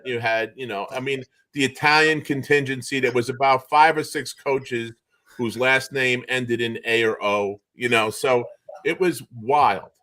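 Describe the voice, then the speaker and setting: A middle-aged man with a Boston accent telling stories on a video call, acting out the voices of the people he quotes. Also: medium pitch. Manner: animated storyteller who acts out quoted voices. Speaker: guest. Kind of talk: storytelling in casual chat.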